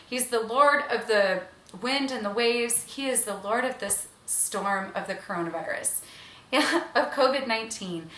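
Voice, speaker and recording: A woman's voice: on the high side, bright, forceful tone. A woman in her thirties giving an earnest, conversational online devotional with casual asides. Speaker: devotional speaker. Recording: echoey room.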